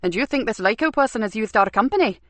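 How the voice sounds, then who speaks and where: A woman's voice: on the high side, lively intonation, fast talker, fairly bright tone, no echo. A woman voicing a mild, absent-minded middle-aged man who designs websites, open and matter-of-fact. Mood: calm.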